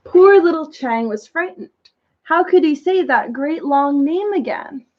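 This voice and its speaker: A woman reads a children's story aloud with expressive storytelling. Her voice is high, and the recording sounds muffled and lo-fi. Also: unhurried.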